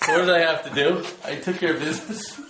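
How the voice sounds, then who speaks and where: A man casually telling the story of his trip, animated and laughing, acting out his own exclamations. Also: fairly high pitch, fast, echoey room, noisy background. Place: rented room.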